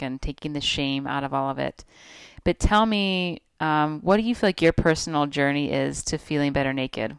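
Low, smooth-voiced woman podcast host. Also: no echo. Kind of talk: casual podcast interview.

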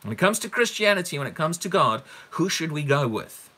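Emphatic preacher man with a bright voice. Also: fairly high pitch, big pitch swings, fairly quick. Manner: emphatic, repeats words for stress, asks rhetorical questions. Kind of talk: teaching sermon on a Bible passage.

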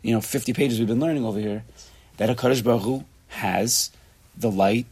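A small group hears a man lead an informal Torah lesson in a brisk, mid-range, slightly rough voice. Animated throughout, he repeats phrases and weaves in Hebrew and Yiddish terms.

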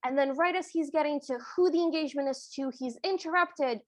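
A woman's voice: high voice, a little fast. A woman co-hosting a podcast, retelling movie scenes in an enthusiastic, casual way. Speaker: podcast co-host. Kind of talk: casual movie recap chat.

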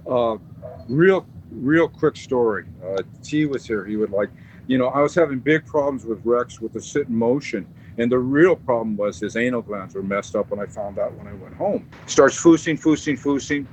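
A man, a podcast guest and dog sport trainer, telling stories casually in an animated, profane way, often repeating and restarting words. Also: medium pitch, moderate pace, a little hiss or hum, low-quality recording. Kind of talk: casual storytelling.

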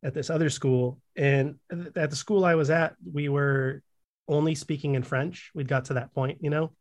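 A man's voice: a little high, steady tone, moderate pace. A young man co-hosting a podcast, telling a long story in casual chat, rambling and correcting himself as he goes. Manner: rambling, swears, self-corrects. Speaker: podcast co-host.

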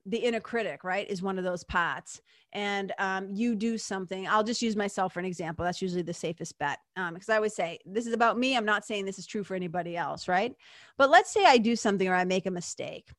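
In studio-quality audio with no room sound, a mid-range female voice carries a reflective monologue. She's a spiritual teacher hosting a podcast, talking earnestly and chattily with plenty of asides and filler words. Frank by nature, she lets the occasional swear word slip.

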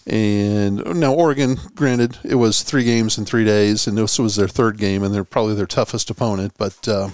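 A man's voice: fairly low pitch, steady tone, normal speed, hardly any pauses, darkish tone, smooth, no echo. A man hosting a podcast, chatting casually with a wry, chuckling manner. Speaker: podcast host. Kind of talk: casual chat.

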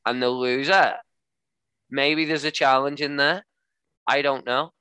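Unhurried and smooth, this medium-pitched male podcast co-host spins comedic stories casually. There's no echo, and his delivery stays animated and jokey, with frequent slips into character voices.

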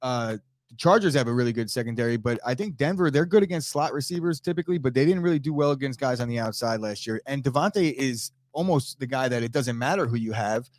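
A man's voice: medium pitch, lively intonation, quick pace, dry recording. A man co-hosting a sports talk show, arguing his picks with numbers and reading ads. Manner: argumentative, piles up stats. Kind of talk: casual sports debate.

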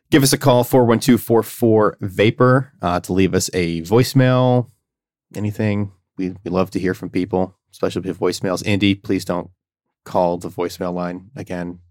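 A man's voice: sits low, no echo, studio quality. A man in his early thirties hosting a casual podcast and wrapping up the episode with sign-off plugs. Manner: relaxed, wraps up with sign-off plugs. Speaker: podcast host.

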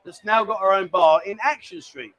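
A middle-aged man hosting a casual live stream from a lounge bar, reading out viewer comments and teasing his co-host with loud exclamations. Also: high-pitched, moderate pace, dull audio. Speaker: livestream host.

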